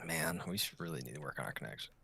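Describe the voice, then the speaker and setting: A man's voice: extremely low pitch, very fast, gravelly, pushed and bright, breathy edge, no echo. A man co-hosting a casual podcast over an online call, rambling and joking. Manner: rambling, joking, puts on silly voices. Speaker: podcast co-host. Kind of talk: casual chat.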